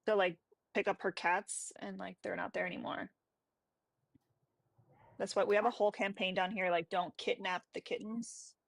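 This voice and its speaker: A woman hosts a casual livestream, speaking bluntly with casual curses. Her voice sits at an ordinary middle pitch. The sound is dry and close. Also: level tone, normal speed, vocal fry, long pauses, no echo. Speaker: livestream host.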